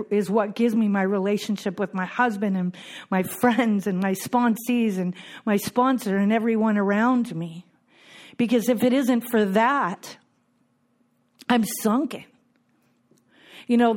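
A middle-aged woman speaks to a recovery group in a heartfelt, personal way. Her voice sits a little on the high side, and she often repeats her key phrases to drive them home. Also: a little mellow.

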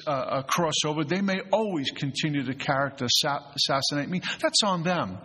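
Husky middle-aged man speaking in an echoey hall. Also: fairly high pitch, moderate pace, bright, forceful tone. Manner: earnest, storytelling, many restarts and stammered fillers. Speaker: retreat facilitator. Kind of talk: recovery talk to a group. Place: mountain retreat hall.

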